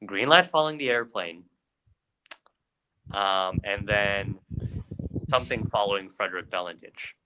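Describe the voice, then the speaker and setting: A man co-hosts a casual podcast and recounts a story, padding it with fillers and restarting his sentences. His voice sits fairly low, with a bright, forceful tone. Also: unhurried, long pauses, slight background noise, low-quality recording. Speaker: podcast co-host.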